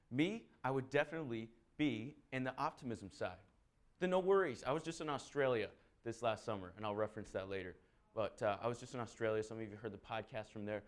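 A man giving a sermon, telling a humorous personal story in a chatty, animated way. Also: mid-range voice. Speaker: preacher.

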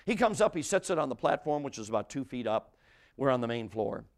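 A male preacher tells a story from the pulpit at an ordinary middle pitch. He builds to loud, emphatic lines, then drops almost to a hush, and he often repeats phrases and restarts them. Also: sing-song, a little fast. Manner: dramatic, swings from loud to hushed. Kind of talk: sermon storytelling.

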